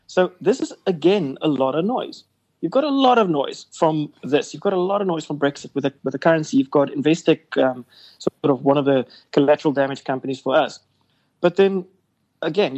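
An investment company CEO, a guest on a casual radio business interview, rambles chattily about business with plenty of fillers. His voice is fairly high with lively intonation and a darkish tone, his delivery brisk, and the recording is low quality.

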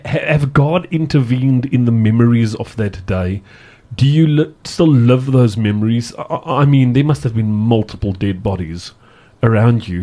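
A man's voice: mid-range voice, mellow. A man hosting an interview, asking questions hesitantly with restarts. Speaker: interview host.

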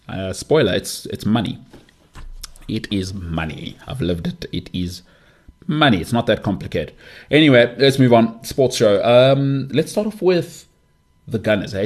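Husky, opinionated man in his thirties. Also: lowish voice. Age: 30s. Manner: opinionated, emphatic, lively delivery. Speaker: sports podcast host. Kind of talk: casual monologue.

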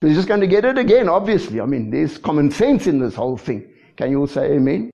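A man preaching a lively sermon as pastor, often checking in with the congregation. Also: fairly high pitch, quick pace, creaky. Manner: lively preaching with frequent call-and-response asides. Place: church. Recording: dull lo-fi church recording.

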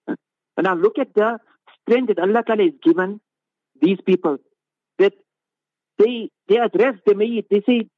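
A man's voice: high-pitched, moderate pace, long pauses, dry recording, narrow, tinny audio. A man, an Islamic scholar, giving an impassioned religious talk, speaking emphatically with rhetorical questions and repeated phrases.

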